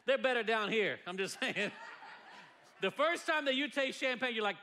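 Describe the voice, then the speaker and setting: Male pastor, high voice, bright and ringing, jokey sermon delivery. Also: moderate pace, slight background noise. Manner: playful, joking, lively delivery with laughs. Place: church sanctuary before a congregation.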